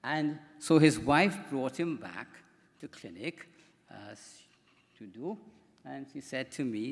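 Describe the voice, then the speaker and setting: A man's voice: mid-range voice, expressive, takes it slowly, creaky. A man, a doctor, giving a conference presentation in a chatty, rambling way with repeated words. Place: conference hall. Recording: hall reverb from a microphone in a conference room.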